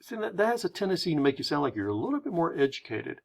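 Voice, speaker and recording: A man's voice: fairly high pitch, quick pace, gravelly. A man presenting a slide lesson on word choice, explaining in a friendly, conversational way. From United States. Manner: friendly, explanatory, lively intonation.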